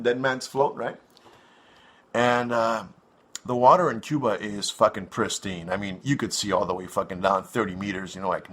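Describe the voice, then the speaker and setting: A man's voice: mid-range voice, fairly bright tone, breathy edge. A man from North America hosting his own online show, rambling through a crude, swearing monologue full of fillers.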